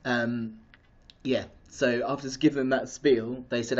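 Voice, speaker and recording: An excitable man talks to his viewers on a live stream, bursting with energy and wandering off topic. His voice sits at an ordinary pitch for a man. The sound is dull and lo-fi, like a streaming device mic. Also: moderate pace. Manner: excitable, chatty, greets viewers and goes off topic. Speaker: vlogger hosting a live stream. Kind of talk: casual live-stream chat.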